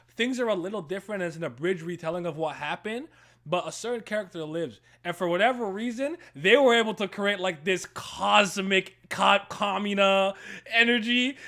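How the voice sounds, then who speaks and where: Excitable high-voiced young man. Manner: excitable, loud bursts, laughs often, swears freely. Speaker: stream co-host. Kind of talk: casual hyped chat.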